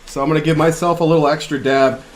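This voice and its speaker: A man hosting a casual interview, talking in halting, rambling sentences full of fillers and restarts. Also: on the high side, steady tone. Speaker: host of a hot wings interview parody.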